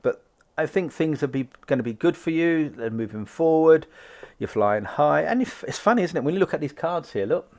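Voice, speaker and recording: A man's voice: on the high side, animated, normal speed, darkish tone. A man doing a live tarot card reading, chatting upbeat with viewers and acting out little conversations. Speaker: psychic card reader.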